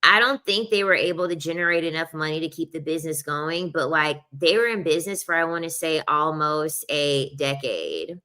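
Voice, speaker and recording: A woman's voice: deep voice, expressive, moderate pace, few pauses, sharp tone. A young adult woman talking in a casual, rambling chat, full of "like" fillers and the odd laugh. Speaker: podcast host.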